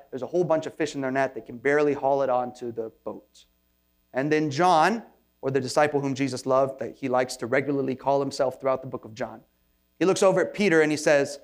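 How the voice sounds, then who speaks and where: A man's voice: medium pitch, brisk. Male pastor, conversational sermon delivery, self-deprecating and loose, often restarts his sentences. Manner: informal, self-deprecating asides with frequent restarts.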